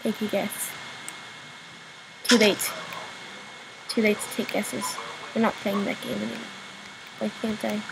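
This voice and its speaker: A woman's voice: medium pitch, flat delivery, moderate pace. A young woman giving casual, rambling commentary while playing a game, muttering and joking to herself. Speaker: gamer. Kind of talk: casual let's-play commentary. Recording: home recording with clear background noise.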